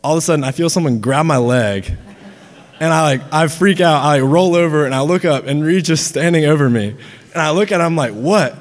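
In a large dinner venue with a big-room sound, a twenty-something man with a high-leaning voice speaks a little fast. As the groom's college roommate, he gives a funny toast of animated anecdotes, laughing between lines and restarting as he goes.

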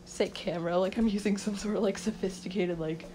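A woman's voice: mid-range voice, fairly even intonation, brisk, warm tone, a little hiss or hum, poor audio. Giggly young woman rambling sleepily. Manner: giggly, self-mocking, mumbling. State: sleep-deprived, up all night. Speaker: vlogger. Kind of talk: rambling unscripted monologue. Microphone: phone mic.

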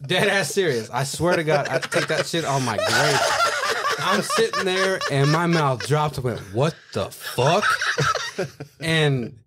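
A man's voice: fairly high pitch, animated, measured pace, very noisy. A man in his thirties, a Marine staff sergeant telling stories in a casual podcast chat, swearing a lot and laughing as he talks.

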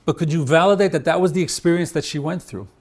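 A middle-aged man, a marriage therapist, lecturing at a workshop, asking the audience questions and acting out both husband and wife in his examples. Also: on the high side. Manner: asks the audience rhetorical questions and pauses on them.

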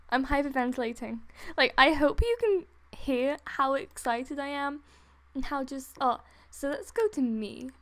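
Breathless and giddy, this high-voiced young gaming YouTuber laughs, gasps and trails off while excitedly commentating on gameplay. She's expressive and unhurried, with a fairly bright tone, recorded on a desktop USB mic.

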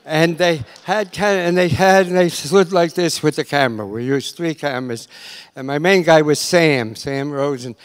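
Older man, animated storyteller, slightly high voice; reads as a seasoned raconteur who acts out everyone he quotes. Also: moderate pace, smooth. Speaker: guest, TV writer-director. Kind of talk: anecdotal storytelling.

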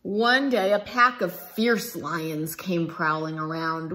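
A woman reading a picture book aloud for children, slow and expressive. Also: fairly low pitch. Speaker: storybook reader.

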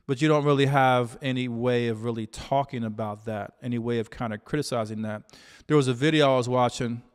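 Smooth-voiced man with a reflective delivery. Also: mid-range voice, steady tone, in a large hall. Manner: measured, reflective, many "you know" fillers. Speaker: relationship coach. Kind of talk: solo talk to camera.

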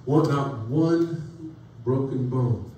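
A man's voice: mid-range voice, very slow, warm tone. A man preaches a folksy, story-filled sermon, his voice climbing as he builds each point. He sounds set back from the mic in a very echoey church sanctuary. A faint hiss sits under his voice. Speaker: pastor. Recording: echoey church room from far off, faint noise.

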